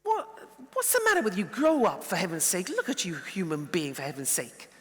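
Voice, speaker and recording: A man's voice: high-pitched, huge pitch swings, fairly quick. A man putting on an aggressive jackal who scolds an angry person indignantly, in a room with a long echo. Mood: scolding. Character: rude snapping jackal, an aggressive attitude. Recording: long reverberant hall.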